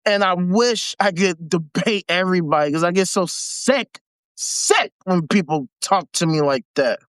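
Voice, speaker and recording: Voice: medium pitch, lively intonation, a little slow, dry recording. A livestream host giving profane, mocking commentary while reading an article aloud. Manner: profane, mocking, laughs between rants. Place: home setup for a live video.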